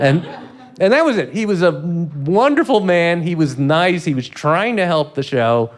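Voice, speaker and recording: A man in his sixties, a comedy writer telling stories in an interview, animated and laughing often as he acts out quotes. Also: on the high side, normal speed. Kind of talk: storytelling in a podcast interview.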